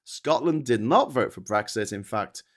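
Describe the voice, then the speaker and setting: A man's voice: medium pitch, expressive, normal speed. A man hosting a livestream of political commentary, rambling and sweary, with sarcastic asides. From England.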